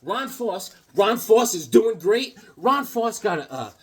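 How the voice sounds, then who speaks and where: A man hosting a comic book channel, telling goofy stories in a rambling, animated way full of restarts. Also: sits high, slow, breathy edge. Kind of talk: casual storytelling vlog.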